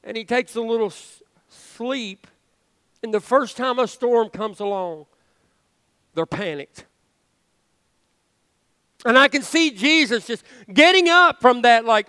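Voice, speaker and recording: A man with a strikingly high, bright voice preaches a sermon from a church sanctuary. His tone is smooth and clear, earnest and chatty with playful asides, and the hall trails a long reverb behind him. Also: animated, slow pace, long pauses. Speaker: pastor.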